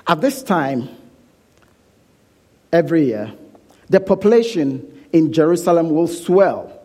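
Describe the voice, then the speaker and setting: A man preaching a sermon, deliberate and emphatic, repeating phrases for weight, dropping to a hush when he prays. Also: medium pitch. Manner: soft, hushed prayer.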